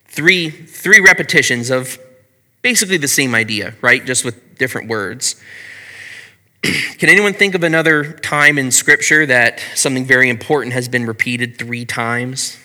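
A man teaching a Bible study in a conversational way, asking his listeners questions and often clearing his throat. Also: medium pitch, normal speed, sharp tone, big-room sound.

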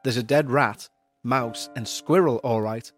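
A man's voice: mid-range voice, measured pace, faint music behind, lightly acted. A man voicing a reassuring, matter-of-fact elderly grandfather.

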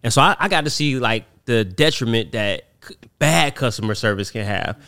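A man co-hosting a podcast, talking in a measured, agreeable way during casual chat. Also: medium pitch, expressive, sharp tone, clean tone. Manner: measured, agreeable, telling a family story. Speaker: podcast co-host.

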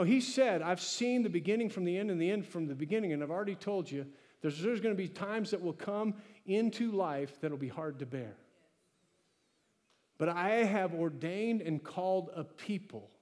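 A man preaching a sermon as pastor, animated, acting out his own talks with God. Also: high voice. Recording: long hall reverb.

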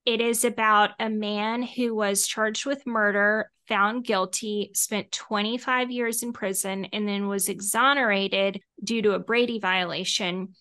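A woman's voice: mid-range voice, fairly even intonation, measured pace, hardly any pauses, sharp tone, clean tone. A woman co-hosting a casual podcast, earnestly promoting a new show. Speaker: podcast co-host.

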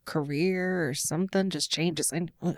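A woman co-hosting a casual podcast, playful and quick to laugh and agree. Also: low voice, steady tone. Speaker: podcast co-host. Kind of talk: casual chat.

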